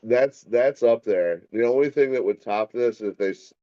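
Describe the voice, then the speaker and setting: A man's voice: medium pitch, moderate pace, warm tone, dry recording, dull audio. A man co-hosting a casual live football reaction show, with wry, laid-back comments. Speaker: co-host.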